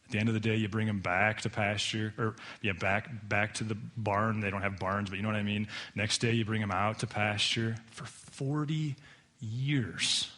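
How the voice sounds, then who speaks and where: A man's voice: fairly low pitch, fairly even intonation, moderate pace, pushed and bright. A man preaching a conversational sermon in a church, casual and joking, often restarting his sentences. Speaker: pastor. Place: church sanctuary.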